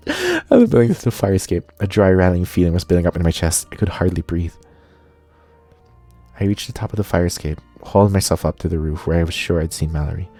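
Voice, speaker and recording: Deep gravelly man reading a game aloud. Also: fast, dry recording, faint music behind. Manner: steady narration, cursing asides. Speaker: streamer. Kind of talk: reading a visual novel aloud.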